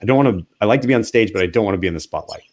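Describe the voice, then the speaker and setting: Fast-talking animated man. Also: fairly low pitch. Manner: animated storyteller, acts out his own past remarks; fast, rambling, with many restarts. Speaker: guest. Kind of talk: conversational interview.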